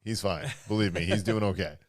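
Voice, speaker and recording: A man's voice: lowish voice, brisk. A man co-hosting a podcast in casual chat, rambling with lots of fillers and laughing as he talks. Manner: rambling, filler-heavy, laughs mid-sentence. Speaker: podcast co-host.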